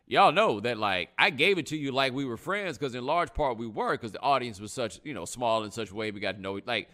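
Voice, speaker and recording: A man's voice: mid-range voice, fairly quick. A man hosting a live stream, talking casually in slang and acting out other people's words. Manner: animated, slangy, acts out other people in quotes. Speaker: host.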